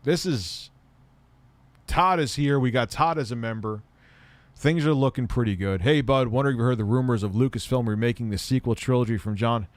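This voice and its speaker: A man's voice: mid-range voice, brisk, no echo. A man hosting a livestream, answering viewer questions in a blunt, offhand way and swearing often. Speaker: livestream host.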